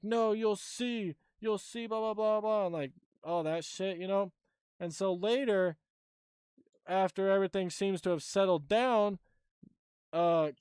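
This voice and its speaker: High-voiced, blunt casual streamer man. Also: a little mellow, clean tone, no echo, clean studio sound. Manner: offhand, blunt, rambling. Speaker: streamer host. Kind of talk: casual live-stream chat.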